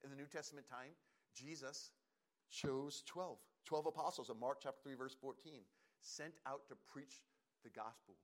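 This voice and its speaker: A man preaching as pastor, earnest and emphatic, pausing and repeating phrases for stress. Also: mid-range voice, steady tone. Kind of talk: sermon.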